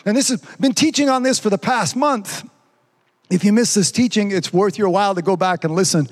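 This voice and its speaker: A man's voice: high-pitched, fairly quick. A pastor preaching a sermon, fervent and repetitive, peppering his talk with "praise God" and "amen.". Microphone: streamed online service.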